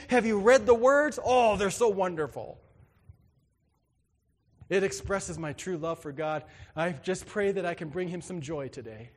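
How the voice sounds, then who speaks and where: High-voiced preaching man in reverberant church. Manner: dramatic swings between loud exclamation and quiet emphasis; acts out quoted voices in his preaching. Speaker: pastor. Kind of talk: sermon.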